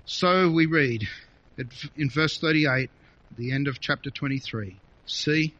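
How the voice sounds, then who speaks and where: Bright-voiced preacher, lo-fi recording. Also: male voice, a little high, a little slow. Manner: expressive, reading scripture aloud with feeling. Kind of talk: sermon. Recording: dull lo-fi recording.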